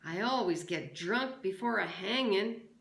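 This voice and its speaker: A drunk, lecherous sheriff drawls out every word, slow and leering, voiced by a woman reading a storybook aloud. The voice is gravelly and pitched up from her usual reading tone. It rings in an echoey room. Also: lively intonation, fairly bright tone.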